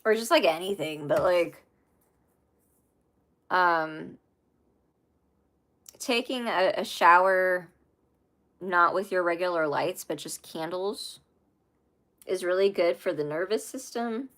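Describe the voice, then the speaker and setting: A woman's voice: fairly low pitch, takes it slowly, pauses often, a bit bright. Chatty woman giving a tarot reading. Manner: rambling, chatty, many fillers and asides. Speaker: tarot reader. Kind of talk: casual tarot reading monologue.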